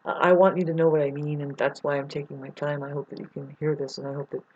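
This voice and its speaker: A speaker talks straight to the camera in a long, rambling personal monologue, emotional and quick to apologize. Sentences keep breaking off and starting over. The recording sounds muffled and lo-fi. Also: mid-range voice, level tone, a little mellow, breathy edge. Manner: emotional, apologetic, many restarts and asides. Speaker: self-described live performing artist. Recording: dull lo-fi recording.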